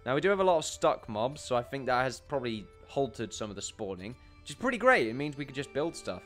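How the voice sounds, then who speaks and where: Fast and sing-song, this young commentator's medium-pitched voice carries a casual let's play of a building game. He rambles, laughs often, and is self-deprecating, with faint music running underneath.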